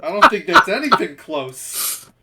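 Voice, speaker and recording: A woman's voice: medium pitch, huge pitch swings, a little slow, vocal fry. A woman playing a tabletop game, teasing the others in casual chat. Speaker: player.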